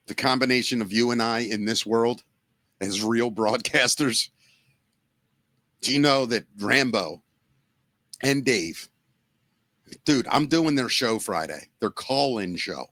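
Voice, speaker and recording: Emotional podcast host with a bright voice. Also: male voice, mid-range voice, takes it slowly, pauses often, no echo. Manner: emotional, heartfelt, swears freely. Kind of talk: casual chat.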